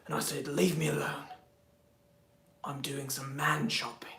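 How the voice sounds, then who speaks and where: A man imitating a boastful British celebrity footballer in a put-on British accent, telling a story in a pompous, mock-grand way with hushed moments. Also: fairly high pitch, little pitch movement, measured pace, vocal fry, roomy sound, a little hiss or hum, heavily acted. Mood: hushed awe.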